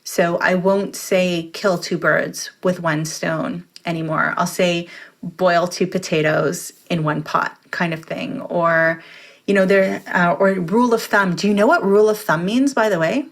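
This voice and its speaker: A woman's voice: on the low side, unhurried, gravelly. A woman guest on a podcast, talking in an earnest, reflective way and explaining her thoughts at length. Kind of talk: conversational interview.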